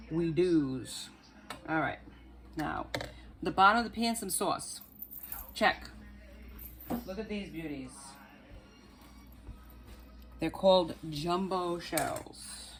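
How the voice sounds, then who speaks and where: A woman's voice: deep voice, slight background noise. A woman hosting her own cooking channel, chatting playfully to viewers as she cooks. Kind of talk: casual cooking demo to camera.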